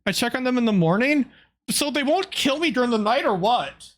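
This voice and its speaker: A man streaming a game live, talking casually and excitably and swearing freely. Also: very high-pitched, brisk.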